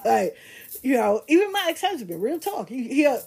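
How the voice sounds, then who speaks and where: Husky older New woman, blunt and profane. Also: a little high, a little fast. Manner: animated, blunt and profane, laughing at herself. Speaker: host. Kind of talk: casual storytelling monologue.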